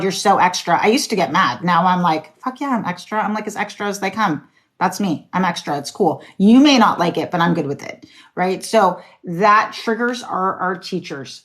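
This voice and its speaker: A woman doing casual, encouraging tarot readings on a live stream, swearing now and then. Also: mid-range voice. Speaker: tarot reader.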